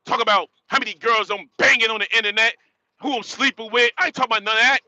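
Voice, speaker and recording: Blunt high-voiced man ranting. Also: steady tone, fast talker, pushed and bright, no echo, poor audio. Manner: blunt, repetitive, ends phrases with "man". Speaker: live-stream host. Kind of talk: casual live-stream rant.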